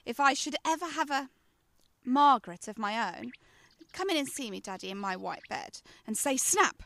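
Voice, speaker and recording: A woman's voice: sits high, lively intonation, normal speed, gravelly, pushed and bright, dry recording, full character voice. A woman in a radio play voicing an eager young daughter, coaxing and affectionate with her father. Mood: wistful. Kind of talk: amateur radio play acting.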